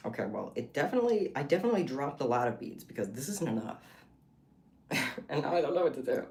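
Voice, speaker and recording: Giggly streamer with a lively voice. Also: mid-range voice, fast, creaky. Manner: playful, giggly, self-mocking banter. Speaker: livestreamer making beaded bracelets. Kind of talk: casual live-stream chat with viewers.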